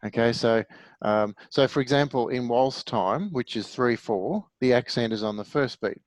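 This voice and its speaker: A man's voice: medium pitch, fairly even intonation, normal speed, no echo, poor audio. Patient male music teacher, middle-aged, dry close mic. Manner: patient, explanatory, asks the class questions. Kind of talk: online music theory lesson.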